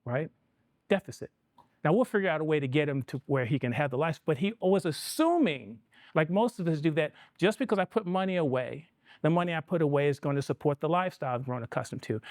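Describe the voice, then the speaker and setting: A middle-aged man talks through a live seminar with an energetic, conversational delivery and keeps putting questions to the room. His voice sits a bit high for a man, and the sound is dry and close, with little room reflection. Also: no room sound. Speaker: financial planning presenter.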